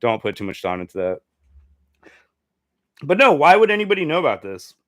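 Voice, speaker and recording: Animated swearing man riffing on news. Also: fairly high pitch, brisk, no echo, studio quality. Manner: crude, swearing, giggling asides, animated swings from mutters to exclamations. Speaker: comedy news show host. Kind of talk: reading and riffing on news stories, casual comedic chat.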